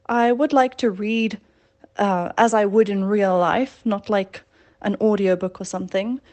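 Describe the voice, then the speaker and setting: A woman's voice: medium pitch, fairly even intonation, a little slow, a little mellow. A woman reading a classic story aloud in a plain conversational way, correcting her slips as she goes. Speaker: reader.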